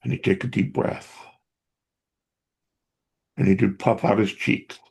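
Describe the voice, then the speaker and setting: A man's voice: lowish voice, steady tone, slow, vocal fry, a little mellow, slightly rough. A middle-aged man, an interview guest who helps dementia caregivers, earnestly telling stories about his family. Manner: earnest and reflective, recounting family memories. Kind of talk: conversational personal storytelling.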